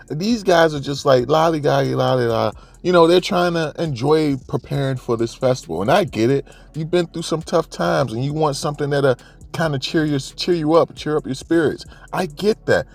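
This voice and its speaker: A man giving a casual, animated chapter recap in slangy speech, talking straight to his viewers. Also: medium pitch, a little fast, creaky. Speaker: manga reviewer.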